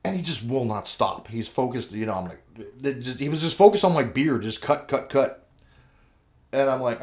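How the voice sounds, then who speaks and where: A man with a medium-pitched voice at normal speed, a show regular and co-host who has kids, tells a rambling story in casual chat. He swears a lot and acts out what people said in animated fashion.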